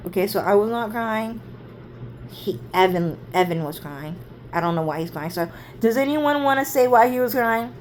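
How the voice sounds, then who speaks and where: A woman's voice: mid-range voice, lively intonation, normal speed, slight background noise. A young woman telling a rambling family story, swearing freely and filling with "like" and "dude". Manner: rambling and profane, heavy "like" and "dude". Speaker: vlogger. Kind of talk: casual storytelling monologue.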